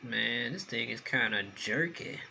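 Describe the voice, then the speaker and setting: A young man talks to the camera between bites in a loose, rambling way, often with food in his mouth. His voice has a bright, forward edge. A faint room hum sits behind him. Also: mid-range voice, measured pace, gravelly, poor audio. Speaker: mukbang vlogger. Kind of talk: casual chat to camera while eating.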